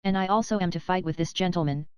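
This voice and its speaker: A woman's voice: on the low side, fast talker, darkish tone, clear, resonant tone, no room sound, clean studio sound, natural voice. A woman reading a suave, discreet musketeer. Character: suave, churchly male musketeer. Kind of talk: audiobook character reading.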